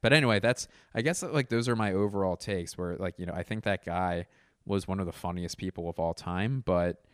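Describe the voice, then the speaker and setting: A man's voice: sits low, a little fast, dry recording, clean studio sound. A man in his forties, a comedian hosting a podcast, telling a rambling, profane, self-deprecating story. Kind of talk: casual storytelling monologue.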